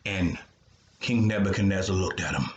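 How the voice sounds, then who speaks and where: An older man, a grandfather, telling a Bible story with lively delivery and sound effects. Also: low voice, normal speed, reverberant, lo-fi sound, background noise.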